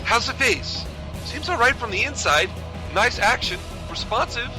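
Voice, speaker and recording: A man's voice: extremely high pitch, animated, music in the background, pitched above the performer's own voice. A man with an American accent reading the part of a freshly regenerated Doctor in a podcast read-through, fussy and puzzled. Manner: read aloud from a script, quick and quizzical.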